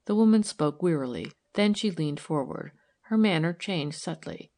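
A woman narrating a novel aloud in a calm, even storytelling manner. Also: low voice, normal speed, hardly any pauses. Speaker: audiobook narrator.

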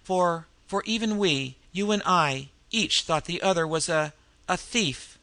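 A man voicing a shaken young woman who speaks haltingly with stammered restarts. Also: high-pitched, sharp tone, no room sound, heavily acted. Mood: tearful.

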